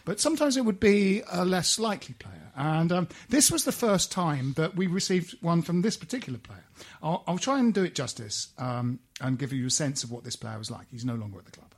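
A man hosting a casual podcast, halting and restarting often with a dry wit. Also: fairly high pitch, expressive, slightly rough. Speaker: podcast host.

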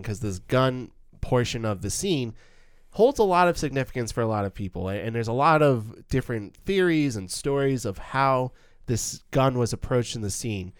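A man talks through a film scene with a friend, smooth and resonant in tone, his voice dry and close with no room around it. He is animated, trips over his own words and restarts, and now and then acts out a line. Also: fairly low pitch, dry recording. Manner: animated, stumbles and restarts, acts out quoted lines. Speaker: podcast co-host discussing a film. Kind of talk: casual film analysis chat.

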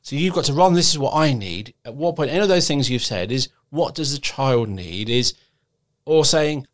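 A man hosts a relaxed podcast conversation about teaching. He talks in a thoughtful, measured way, often picking up on and agreeing with what his guest says. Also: medium pitch. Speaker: podcast host.

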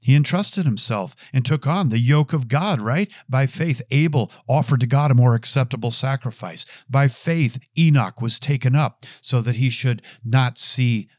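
A man's voice: mid-range voice, normal speed, few pauses, a little mellow, dry recording. Earnest man teaching faith, dry sound. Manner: earnest, storytelling, repeats phrases for emphasis. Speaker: Catholic speaker. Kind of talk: podcast teaching.

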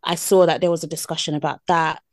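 A woman in casual podcast chat, relaxed and agreeable, often answering briefly. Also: low-pitched, quick pace, no room sound, studio quality.

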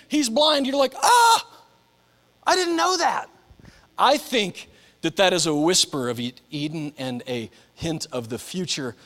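A man in his forties preaching a sermon in a church, animated, dropping soft and low, then jumping to loud, high impressions. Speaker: pastor.

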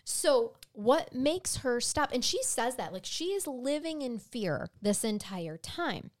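A woman's voice: fairly high pitch, sing-song, takes it slowly, no echo, clean studio sound. A woman co-hosting a true crime podcast, telling the case in a chatty, wry way with sarcastic asides. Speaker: podcast co-host.

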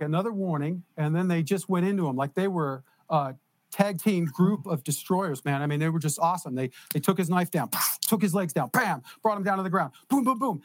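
A man in casual conversation tells a long story with animated energy and quick laughs. His voice sits fairly high for a man. The sound is dry and close. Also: no room sound. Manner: animated, laughs while telling stories. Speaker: guest.

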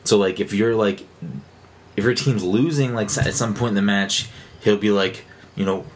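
Low-voiced, rambling podcast co-host man. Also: moderate pace. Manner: rambling, excitable, many fillers and restarts. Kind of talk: casual chat. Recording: faint background noise.

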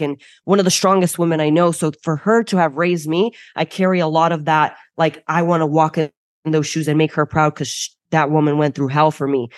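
A woman's voice: low-pitched, no room sound, studio quality. A young woman from the United States, a podcast guest talking candidly and emphatically with many filler words. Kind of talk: candid interview talk.

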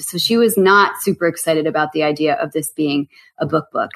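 Woman author guest, animated storyteller, slightly low voice, casual interview. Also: brisk.

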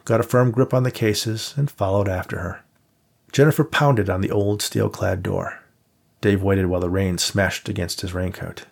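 Male audiobook narrator, gravelly and husky, measured read. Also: lowish voice, a little mellow. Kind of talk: scripted narration.

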